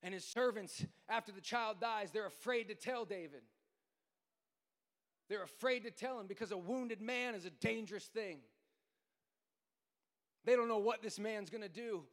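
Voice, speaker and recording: A man preaching a sermon as pastor, going from quiet storytelling to shouted, sing-song preaching. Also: sits high, moderate pace, long pauses, in a large hall. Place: church sanctuary.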